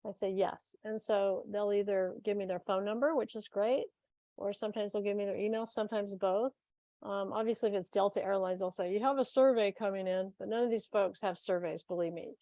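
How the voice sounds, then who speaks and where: A woman co-presents a webinar in a lively, storytelling way, acting out the people she quotes. Her voice is recorded close and dry, with no room sound. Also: medium pitch, brisk, dry recording. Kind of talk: casual webinar chat, telling anecdotes.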